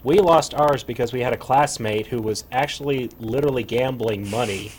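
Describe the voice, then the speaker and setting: A man's voice: mid-range voice, moderate pace, a little hiss or hum, low-quality recording. A young man in a casual chat, rambling and restarting his sentences. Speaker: podcast co-host.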